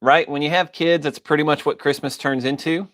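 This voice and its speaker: A man with a fairly high, steady voice talks a little fast and a bit brightly over slight background noise. Hosting a casual livestream, he reads chat, jokes loosely and greets viewers by name, coughing and a touch wheezy.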